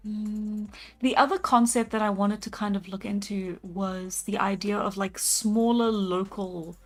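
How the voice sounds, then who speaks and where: A young woman from South Africa talks through a relaxed live drawing stream, answering chat in a casual, meandering way. She laughs easily and fills pauses with ums and uhs. Soft music plays faintly behind her voice. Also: mid-range voice. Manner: relaxed, chatty, laughs often, many fillers. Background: soft background music.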